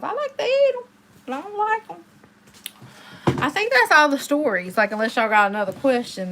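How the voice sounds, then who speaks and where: A young woman, hosting a casual livestream and chatting with viewers, telling stories and jumping into high exclamations. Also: fairly bright tone, a little hiss or hum. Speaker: livestream host.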